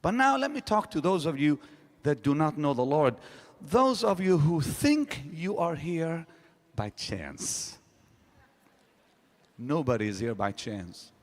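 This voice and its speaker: A male pastor preaching with a very lively, swooping pitch that leaps up on questions and sinks low on answers. He speaks slowly and deliberately. His voice rings out with a long hall reverb. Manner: emphatic preaching with sudden rises and drops. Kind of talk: sermon. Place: large hall.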